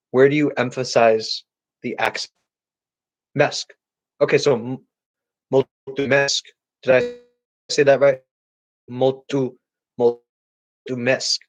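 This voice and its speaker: A man answering viewer questions on a casual live stream, chatty and halting, with many restarts and repeated words. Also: mid-range voice, rough recording. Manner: chatty, talks directly to chat viewers.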